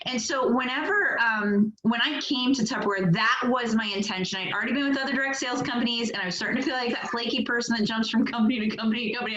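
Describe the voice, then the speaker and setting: A woman directing a sales team on a motivational call, upbeat and chatty, laughing often and using lots of fillers. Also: on the high side. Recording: echoey, dull lo-fi call audio.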